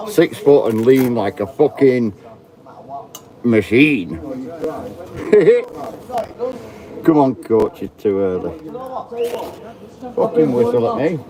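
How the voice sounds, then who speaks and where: Crowd noise surrounds a male vlogger in his 30s as he talks to the camera outside in the rain, trading jokes and cursing freely. He speaks slowly and animatedly in a warm, fairly low voice, leaving long pauses.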